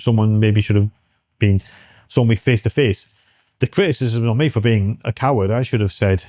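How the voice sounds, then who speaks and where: Middle-aged British man, interview guest. Dark, low voice, dry close sound, earnest and halting delivery. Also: no echo. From United Kingdom. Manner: halting, many restarts, earnest. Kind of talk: candid personal interview.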